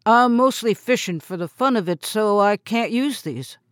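A woman's voice: medium pitch, animated, normal speed, no echo, studio quality, lightly acted. A woman voicing a polite, easygoing young male fisherman. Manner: easygoing, courteous.

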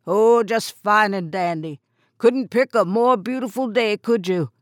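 A woman's voice: mid-range voice, a little slow, dry recording, studio quality, close to an everyday voice. A woman doing a hearty old sea captain. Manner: folksy, hearty. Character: jovial older male lighthouse keeper, folksy captain.

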